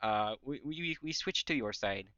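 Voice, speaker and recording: A man voicing a sheepish Italian officer who stammers nervously as he changes sides, in a much higher voice than his own. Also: lively intonation, moderate pace, bright, forceful tone, no echo, lo-fi sound.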